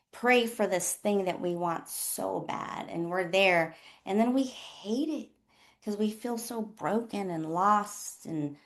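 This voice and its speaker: A woman who works as a nurse coach, hosting a casual motivational talk in a candid, rambling way with lots of fillers. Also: mid-range voice. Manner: rambling and chatty, full of fillers like "like" and "um"; candid and self-deprecating.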